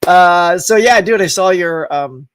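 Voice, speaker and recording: A man's voice: high-pitched, unhurried, fairly bright tone. A man hosting a live stream, chatting casually, laughing often and greeting viewers by name as he reads their comments. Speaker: host of a live stream show.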